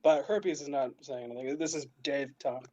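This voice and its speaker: A man's voice: medium pitch, steady tone, brisk, mellow, a little hiss or hum. A man playing in a tabletop game, casual, with joking sarcastic asides. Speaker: player. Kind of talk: tabletop role-play, casual. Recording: dull lo-fi sound.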